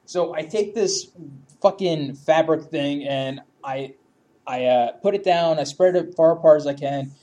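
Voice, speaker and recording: A man's voice: on the high side, moderate pace, mellow. A man telling a story in casual chat, laughing often, swearing freely and acting out what people said.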